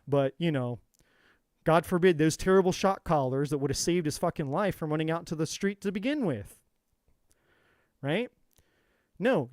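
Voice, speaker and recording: A man's voice: a little high, darkish tone, no echo, studio quality. A man giving a spiritual talk on a live tarot stream, preachy and profane, repeating words for emphasis. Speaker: tarot reader.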